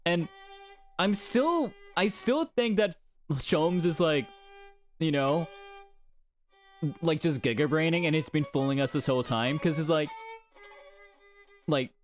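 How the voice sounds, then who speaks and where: A man's voice: a little high, lively intonation, slow pace, long pauses, soft background music. A man casually commenting while playing a game, rambling with lots of fillers and restarts.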